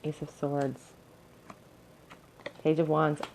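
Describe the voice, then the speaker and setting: A woman's voice: deep voice, completely flat delivery, takes it slowly, a little mellow, a little hiss or hum, low-quality recording. A young woman giving an encouraging, earnest pick-a-card tarot reading to her viewers. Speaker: tarot reader.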